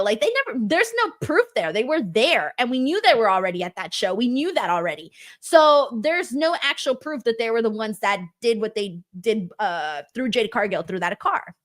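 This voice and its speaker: A woman hosting a live wrestling watch-along stream, chatty and expressive, often laughing. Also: medium pitch. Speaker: host. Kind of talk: casual live-stream chat.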